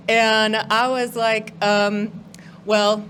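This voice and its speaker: A woman's voice: medium pitch, a little slow, a bit bright. A woman from Europe with an American-sounding accent, a guest comedian telling a story in a casual, playful way. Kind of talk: stand-up storytelling. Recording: audible background noise.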